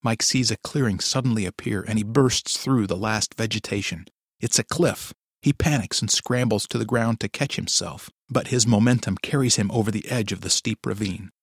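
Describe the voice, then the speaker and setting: A man narrating a dark story in a low, measured storytelling voice. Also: creaky, breathy edge, no echo, studio quality. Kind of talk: dramatic audiobook narration.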